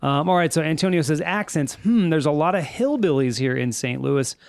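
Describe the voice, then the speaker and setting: A man's voice: a little high, lively intonation, brisk, darkish tone, no echo. A man hosting a casual podcast chat, reading notes aloud with wry asides. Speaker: podcast host.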